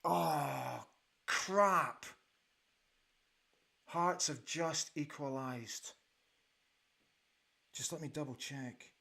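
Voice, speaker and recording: Male host for a studio football watch-along: slightly high voice, unhurried delivery, excitable, repeats his reactions. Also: gravelly. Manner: excitable, exclaims and repeats himself.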